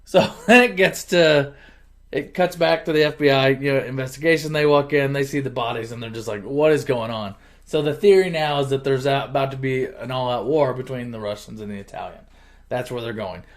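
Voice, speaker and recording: Animated man casually retelling a movie. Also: mid-range voice, fairly quick. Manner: animated, chuckling, conversational. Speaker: channel host.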